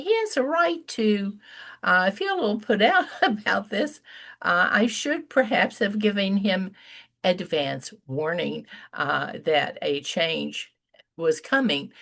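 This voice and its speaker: Slow, gravelly older woman telling a story. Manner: slow and deliberate with dramatic pauses; rises high and loud when quoting dialogue. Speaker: speaker telling a personal story. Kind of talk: storytelling talk.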